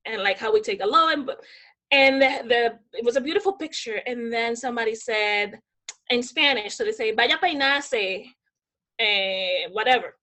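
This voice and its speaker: A young woman from the Dominican Republic with a high voice tells her stories in a casual podcast interview. She is animated and slips into the voices of the people she quotes. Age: young adult. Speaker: podcast guest.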